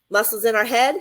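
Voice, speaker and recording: A woman's voice: on the high side, a bit bright. A woman hosting a radio talk show, speaking in an emphatic, conversational way that repeats phrases for stress.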